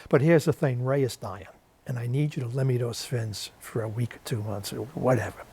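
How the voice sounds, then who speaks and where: A man with a New York accent, who interviews war veterans, appears as a guest on a TV interview show in a studio, telling a story and voicing the people in it. His voice is medium-pitched and dark, a little fast, with a little hiss or hum.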